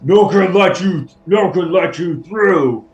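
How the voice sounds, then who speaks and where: A man's voice: high voice, slow pace, echoey room, dull audio. A man voicing a big, long-armed male bugbear guard who talks in blunt, broken phrases in a tabletop game. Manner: broken, clipped speech.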